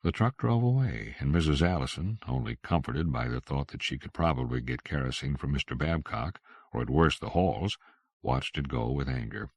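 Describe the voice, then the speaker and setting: Male audiobook narrator: deep, creaky, expressive; dry close-mic studio read. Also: moderate pace, no room sound. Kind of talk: scripted narration.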